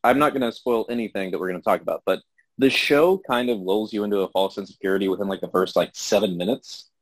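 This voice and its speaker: A man hosting a podcast in casual chat, animated and steering the talk toward each guest. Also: fairly low pitch, fast talker, no echo, poor audio. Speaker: podcast host.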